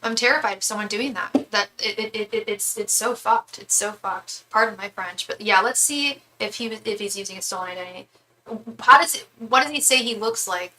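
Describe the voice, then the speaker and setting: A woman's voice: mid-range voice, fairly quick, sharp tone, low-quality recording. A young woman doing a live tarot reading, chatty and candid, swearing freely and restarting her sentences often. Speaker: tarot reader.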